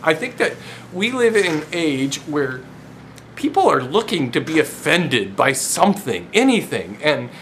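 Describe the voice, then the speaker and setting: A man's voice: a little high, very animated, unhurried, fairly bright tone, a little hiss or hum. A man hosting a woodworking show, chatting casually in his shop, self-deprecating and laughing often as he talks. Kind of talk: casual chat to camera.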